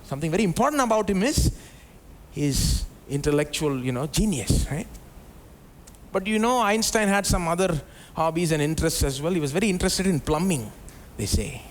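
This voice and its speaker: A pastor preaches at a live church service, his voice sitting notably high for a man. He talks in a loose, conversational way, tossing rhetorical questions at the congregation and leaning on asides to keep them with him. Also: expressive, moderate pace, slight background noise. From India. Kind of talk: live sermon.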